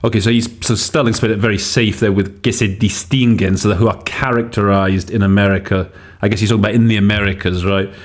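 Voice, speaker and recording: Low-voiced man musing over interpreting choices. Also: steady tone, fast talker. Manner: thinks aloud, hesitant with fillers and restarts. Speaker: host and interpreting teacher. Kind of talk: casual teaching podcast commentary.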